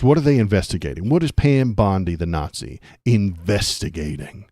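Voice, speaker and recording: Deep-voiced ranting man livestreamer. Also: expressive, moderate pace, hardly any pauses, mellow, dry recording, clean studio sound. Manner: ranty, sarcastic, laughs often, talks to chat. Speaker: political livestream host.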